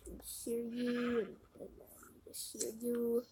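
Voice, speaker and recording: A woman giving casual let's-play commentary, mumbling to herself while playing, with sudden loud dramatic outbursts, recorded on a phone microphone. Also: fairly high pitch, completely flat delivery, takes it slowly, noisy background. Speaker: game video creator. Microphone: phone microphone during screen recording.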